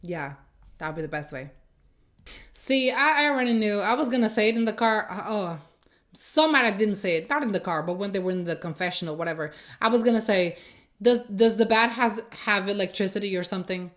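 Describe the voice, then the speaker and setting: A woman's voice: mid-range voice, lively intonation, a little fast, fairly bright tone. A woman hosting a reaction video, giving casual commentary in a blunt, sarcastic, exasperated way.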